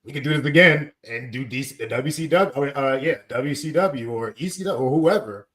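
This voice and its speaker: A man co-hosting a casual wrestling podcast, upbeat and relaxed, drawing words out when he stresses them. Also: mid-range voice, fairly quick. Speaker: podcast co-host. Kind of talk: casual chat.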